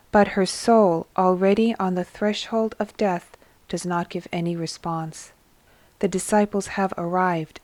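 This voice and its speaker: A woman narrating a devotional story in a slow, measured storytelling manner. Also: mid-range voice, a little mellow, no echo.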